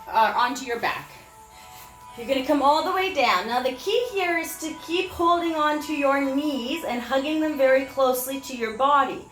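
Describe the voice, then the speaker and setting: A woman leading a children's yoga class, giving gentle, encouraging instructions with frequent praise. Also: high-pitched, reverberant. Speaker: kids yoga teacher. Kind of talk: guided children's yoga lesson.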